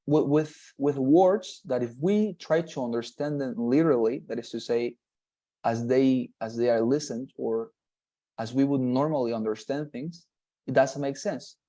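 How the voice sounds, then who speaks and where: On a video call, a patient English tutor leads a one-on-one online lesson in a mellow, medium-pitched voice over dull audio. He takes his explanations slowly, restarting often and using many fillers.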